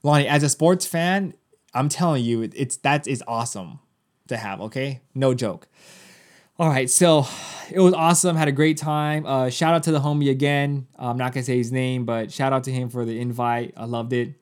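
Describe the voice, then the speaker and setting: A man's voice: mid-range voice, normal speed. A man in his thirties, a podcast co-host, telling a story in casual chat, swearing often and acting out other people's lines. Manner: animated, profane, acts out other people's lines.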